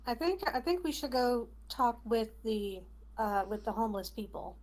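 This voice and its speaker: A woman's voice: on the high side, lively intonation, normal speed, darkish tone, rough recording. Hesitant woman playing a tabletop game. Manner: hesitant, with many fillers. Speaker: player. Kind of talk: in-character tabletop play.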